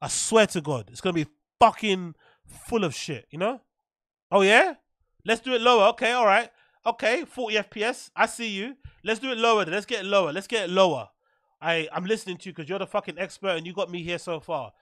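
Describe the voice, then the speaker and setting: A man reacting to clips and thanking donors on a casual live stream, animated and swearing freely. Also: high-pitched, brisk, no room sound, clean studio sound. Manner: animated, swearing, loud shout-outs.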